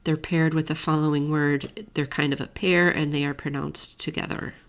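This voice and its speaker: A woman with a low voice teaches a grammar lesson. She explains each point in a steady, methodical way, and her voice has a gravelly edge. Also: normal speed. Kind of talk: screen-share lesson walkthrough.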